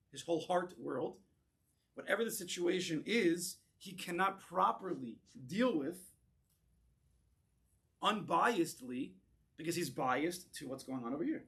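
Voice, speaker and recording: A man, a rabbi, teaching a class in a synagogue, animated and drawing in his audience, often restarting words as he goes. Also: a little high, vocal fry. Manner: animated, acts out voices in quoted lines, repeats words as he restarts. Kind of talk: lecture with audience discussion.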